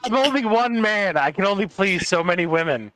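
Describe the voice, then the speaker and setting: Guy hosting a podcast, swears nonstop, kinda high voice, dry close sound. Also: animated, brisk, fairly bright tone, dry recording, poor audio. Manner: profane, blustering. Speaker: podcast host. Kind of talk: crude casual banter.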